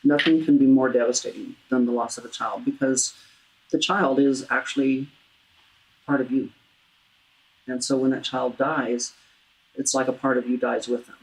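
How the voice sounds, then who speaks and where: A woman hosting a talk show, speaking earnestly and haltingly about grief, with frequent restarts. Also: a bass voice, fairly even intonation, rough recording. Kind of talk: heartfelt interview about grief.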